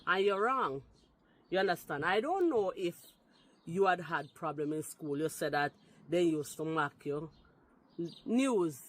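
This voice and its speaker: A woman's voice: fairly low pitch, expressive, unhurried, long pauses. A woman from Jamaica with a Jamaican accent giving emphatic, argumentative reaction commentary to camera, mixing patois into her speech. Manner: emphatic and argumentative, repeats "you understand?". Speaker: vlogger responding to a video.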